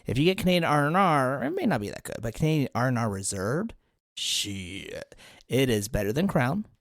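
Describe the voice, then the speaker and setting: A man's voice: mid-range voice, normal speed, no room sound, studio quality. A man in his thirties co-hosting a podcast, chatting casually and a little tipsy, rambling through his stories. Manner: rambling, lively storyteller. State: tipsy from drinking. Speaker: podcast co-host.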